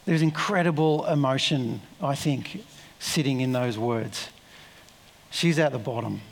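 A man's voice: medium pitch, measured pace, gravelly, in a large hall, slight background noise. A man preaching a sermon in a conversational, reflective way, with asides and self-corrections.

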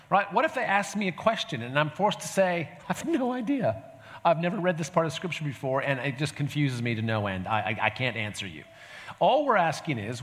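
A man's voice: a little high, fairly bright tone. A man giving a conversational teaching talk to a church group, often checking in with the audience. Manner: conversational, fillers and restarts, asks audience "right?". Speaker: pastor. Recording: reverberant hall sound.

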